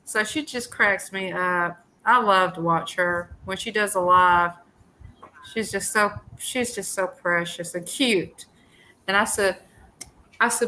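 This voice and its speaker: Bright, giggly woman telling a story. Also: medium pitch, slow, slight background noise, rough recording. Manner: giggly storyteller, easily tickled. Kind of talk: casual live-stream chat.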